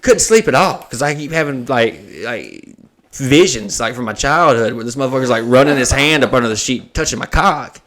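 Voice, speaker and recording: Speaking briskly in a mid-range voice, this podcast host spins a long, casual story. He swears freely and animatedly plays out the quoted dialogue.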